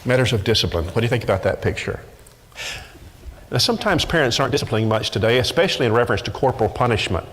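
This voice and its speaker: A man's voice: medium pitch, expressive, very fast, fairly bright tone. A middle-aged man preaching a sermon emphatically, often repeating words as he presses a point. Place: church sanctuary. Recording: echoey church hall.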